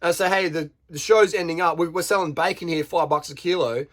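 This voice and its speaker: Quick-paced and fairly bright, this Australian man's voice sits on the high side as he delivers an unscripted rant to camera. The vlogger is blunt, swears freely, and throws rhetorical questions at viewers.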